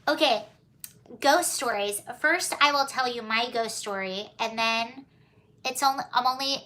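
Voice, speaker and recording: A woman's voice: a little high, unhurried, long pauses, bright, forceful tone. A woman hosting a casual livestream, chatting, reading viewer comments aloud and answering them with giggles and apologies. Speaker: livestream host.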